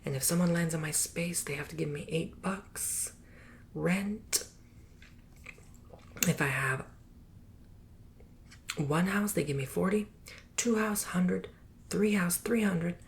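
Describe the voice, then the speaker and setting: A man whispers his way through a sassy ASMR tutorial, teasing and playful with the listener. His voice is gravelly and close. A steady hiss and small clicks sit under the recording. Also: high voice, slow pace, pauses often. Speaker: ASMR creator.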